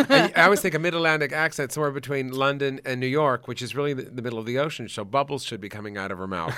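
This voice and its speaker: A man hosts a casual commentary show, chatty and animated and laughing as he talks. His voice is bright and forward, with a mid-range pitch. The sound is dry and close, with no room around him. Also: fast, no echo.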